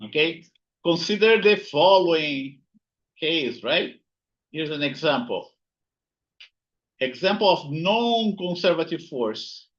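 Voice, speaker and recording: Slow and expressive, this man's slightly high, fairly bright voice leaves long pauses on a muffled recording. Writing notes through a recorded physics lecture, he repeats key terms and checks in with phrases like "right?" and "here you go".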